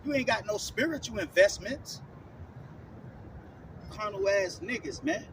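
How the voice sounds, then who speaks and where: High-voiced scolding street preacher. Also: male voice, animated, a little slow. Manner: repeats "man" and "all right?" after nearly every phrase; scolding, blunt, profane street talk. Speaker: street preacher teaching scripture. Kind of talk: confrontational online sermon. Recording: distant mic with clear outdoor traffic noise.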